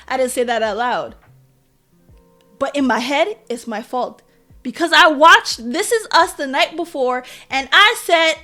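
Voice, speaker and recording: Young woman podcast host, high voice, candid and self-mocking, acts out quotes. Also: measured pace. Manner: candid, self-deprecating, with animated quoted asides. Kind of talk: personal storytelling. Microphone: podcast mic.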